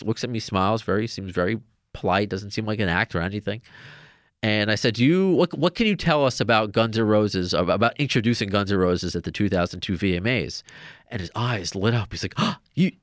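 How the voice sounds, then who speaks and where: Man, low voice, podcast host, casual rambling story, many restarts, dry close sound. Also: a bit bright, no room sound. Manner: rambling, with restarts and quoted impressions in a raised voice.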